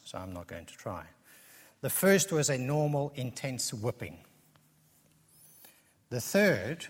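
A man's voice: mid-range voice, husky. A man preaching an earnest expository sermon, building his points through emphatic repetition. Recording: long reverb of a large hall.

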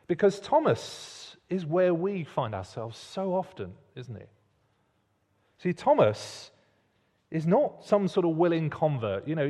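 A man preaching a sermon in a church hall, expressive and pausing for emphasis. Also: a little high. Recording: long reverb of a large hall.

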